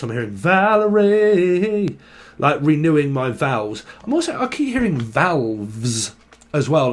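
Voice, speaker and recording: A young man from talks through a tarot reading in a loose, streetwise way. He hops from word to word, swears freely and laughs at his own jokes. His voice sits at an ordinary middle pitch. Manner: rambling, crude, jokey, word-associating, laughs often. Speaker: tarot reader. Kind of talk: casual off-the-cuff tarot channelling.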